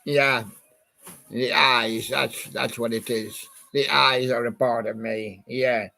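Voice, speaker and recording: Slow, gravelly man rambling to himself. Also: mid-range voice, fairly even intonation, pushed and bright. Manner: meandering, reminiscing about old songs and talking to a toy badger. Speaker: channel host. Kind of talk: rambling casual monologue.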